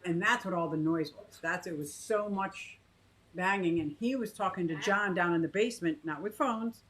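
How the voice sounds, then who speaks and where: Woman in her fifties, fairly low voice, rambling casual talk, thinking aloud, lots of restarts. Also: moderate pace, a bit bright, low-quality recording. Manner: coos in a high sing-song to her pet bird. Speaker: aquarium vlogger. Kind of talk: casual chat to camera and live chat.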